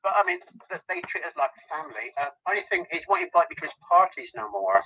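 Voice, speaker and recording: Husky man telling rambling stories. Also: fairly high pitch, huge pitch swings, fast, lo-fi sound. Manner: rambling anecdotes, giggling. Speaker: guest, celebrity lookalike. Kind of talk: casual interview chat.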